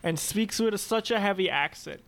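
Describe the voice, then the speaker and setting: A man co-hosting a podcast, chatting casually with friends and telling animated, joking stories. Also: sits high, moderate pace, vocal fry. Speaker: podcast co-host. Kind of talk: casual chat among friends.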